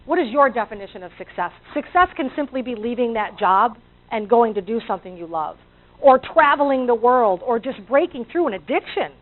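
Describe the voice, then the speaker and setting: On tinny, phone-quality audio, a female motivational speaker addresses a live crowd at a fairly quick clip. Her voice is fairly high with animated intonation, and she plays out inner voices while questioning the audience.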